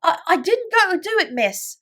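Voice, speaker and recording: Lady putting on a scared little cockney maid, stammers, high squeaky voice jumping all over. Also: very animated, normal speed, bright, forceful tone, full character voice. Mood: pleading. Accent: attempted Cockney. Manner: stuttering, breathless, fearful. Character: frightened young servant girl, scullery maid.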